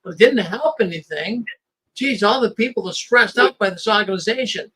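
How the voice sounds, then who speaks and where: A man's voice: sits high, animated, moderate pace, fairly bright tone, breathy edge, rough recording. A man, the host, talking in a casual conversation, emphatic and often repeating his first words.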